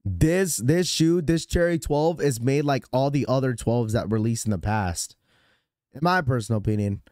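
A hoarse man hosts a sneaker livestream in loose, rambling casual chat, his voice strained by a sore throat. He sits at a middling pitch. The sound is dry and close, with no room around it. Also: normal speed, a little mellow, no echo. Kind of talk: casual live-stream chat.

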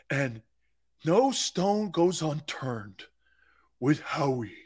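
Incredulous, mocking sports talk host. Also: male voice, fairly high pitch, sing-song, very slow, slightly rough. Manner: mocking and incredulous, breaking into laughter and shouted outbursts.

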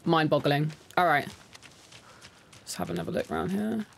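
A woman's voice: low-pitched, normal speed, creaky, slight background noise. A woman doing casual let's-play commentary, chatty and reactive, reading in-game documents aloud and talking straight to her viewers. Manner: talks to her viewers directly. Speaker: gaming content creator.

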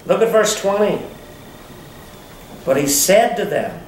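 Guy preaching, high voice swinging up and down, far off in an echoey hall, faint hum behind. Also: slow pace, pauses often. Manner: expressive preaching, swinging pitch, drops to a hush. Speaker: pastor. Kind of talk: sermon. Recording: echoey room, voice from a distance.

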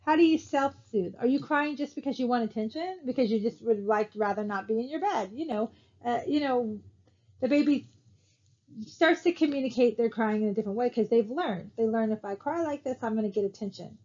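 Higher-voiced woman giving a slide lecture. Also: brisk, a little mellow, dull audio. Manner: conversational, asks rhetorical questions. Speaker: college instructor.

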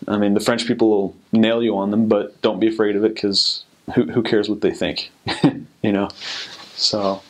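This young man from the US, back from missionary service, has a fairly low pitch. He tells stories and offers advice in an easygoing, wandering way, full of filler words and restarts.

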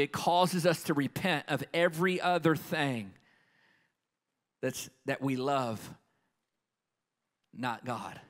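Guy preaching live at a conference, passionate, goes loud then quiet, normal middle voice. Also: medium pitch. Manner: passionate, swings from loud to hushed. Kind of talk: sermon. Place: conference hall stage.

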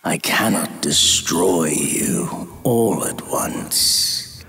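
A man voicing a malicious male demon in a low, menacing whisper, in a dark story narration. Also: extremely slow, creaky, full character voice. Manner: mocking, menacing. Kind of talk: audiobook-style story narration. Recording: faint background music.

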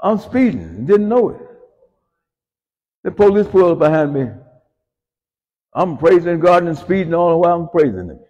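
Male pastor, husky and a bit high-pitched, folksy storytelling sermon that swings from hushed to shouted, long church reverb. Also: very animated, normal speed, pauses often, muffled recording. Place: church sanctuary.

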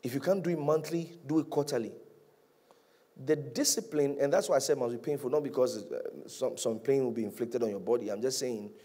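A male pastor preaching a sermon, animated, rising to loud peaks and dropping to hushed, drawn-out lines. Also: mid-range voice, breathy edge.

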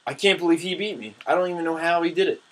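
Young male gamer, husky, casual trash-talk commentary. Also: fairly high pitch, racing, rough recording. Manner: excitable, trash-talking. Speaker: gameplay commentator.

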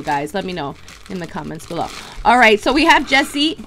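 A woman hosting a toy unboxing video, chatty and excitable, talking straight to her viewers. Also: medium pitch, brisk. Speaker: toy unboxing channel host. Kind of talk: casual unboxing chat.

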